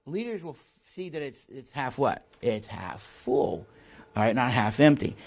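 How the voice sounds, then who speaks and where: A man's voice: mid-range voice, lively intonation, brisk, crowd noise. A man teaching leadership in a classroom lecture, quizzing his listeners with fill-in questions before a live audience.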